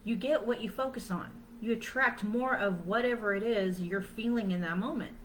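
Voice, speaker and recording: A woman's voice: medium pitch, moderate pace, slight background noise, poor audio. A woman giving a casual self-help lesson to viewers, chatty and loose, full of "you know" and "like". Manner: acts out her own past thoughts in quoted asides. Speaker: spiritual self-help teacher. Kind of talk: casual teaching talk to viewers.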